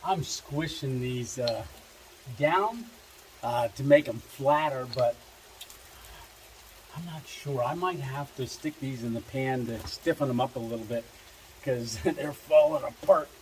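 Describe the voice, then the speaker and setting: Outdoors under a covered bridge, a camping vlogger narrates his cooking in a casual way, chatty and quick to laugh, sometimes dropping to a hushed tone. His voice is medium-pitched, and the outdoor camp recording is noisy.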